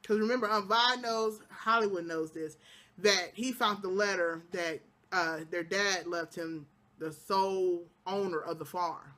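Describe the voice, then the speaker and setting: A woman casually recapping a TV episode, telling the story with lively acted-out quotes and laughs. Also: lowish voice, unhurried. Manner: breaks into laughter and exclamations. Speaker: TV show recap vlogger.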